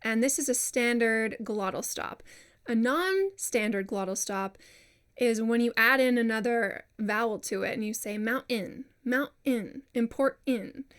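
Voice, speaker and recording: A woman's voice: on the high side, unhurried, a bit bright, clear, resonant tone. A woman voiceover coach giving a casual lesson, chatty and self-deprecating, who says example words aloud to demonstrate them. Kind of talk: casual instructional talk.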